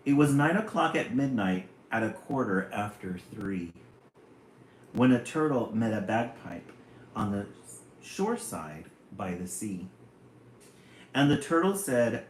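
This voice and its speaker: Lowish voice guy reading kids poems live, playful, roomy room with faint hum. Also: big pitch swings. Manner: slow, playful, chuckling between poems. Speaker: live stream host. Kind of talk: reading children's poems aloud on a live stream.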